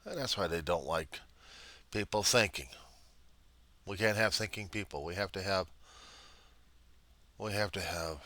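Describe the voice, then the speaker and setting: A low-pitched man rants to camera in a rambling, sardonic way, sounding gloomy. His voice is forceful and bright in tone, recorded close and dry. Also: unhurried, long pauses, no room sound. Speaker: vlogger. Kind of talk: casual rant to camera.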